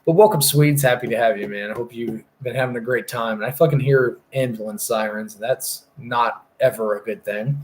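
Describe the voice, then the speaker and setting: A man's voice: medium pitch, moderate pace, hardly any pauses. A young man chatting casually on a livestream, rambling and swearing as he gets sidetracked. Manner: rambling, profane, easily distracted. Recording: roomy echo.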